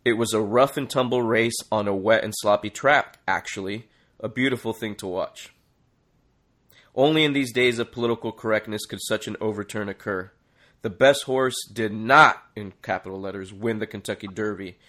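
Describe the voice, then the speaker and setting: A man's voice: on the low side, steady tone, a little fast, fairly bright tone. A man in casual podcast chat, hesitant and wry, reading posts aloud with many restarts.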